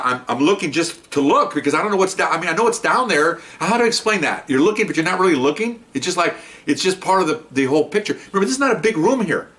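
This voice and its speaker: Older ex-cop rambling thru a story, voicing the other guys as he goes. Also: fairly high pitch. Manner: rambling, animated anecdotes, acts out other people's lines. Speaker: retired police detective telling stories. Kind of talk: casual storytelling to camera.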